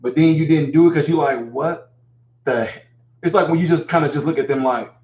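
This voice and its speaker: A middle-aged man hosting a live call-in show, telling stories with animated acted-out scenes. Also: a little high, quick pace. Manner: animated storyteller, acts out scenes. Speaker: host. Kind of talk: casual live call-in talk. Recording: echoey, dull lo-fi sound.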